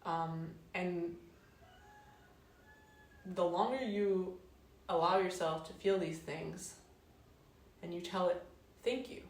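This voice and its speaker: A woman talking through ideas in a reflective, casual monologue, unhurried and searching, drawing out words and trailing off softly. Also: fairly even intonation, far from the mic. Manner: unhurried, searching, drawn-out phrasing with soft trailing lows. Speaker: wellness host. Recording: roomy, mic set back.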